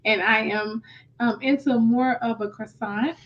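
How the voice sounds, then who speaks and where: A woman's voice: fairly high pitch, steady tone, a little slow, lo-fi sound, heavy background noise. A woman co-hosting an online radio show, laughing often and teasing good-naturedly.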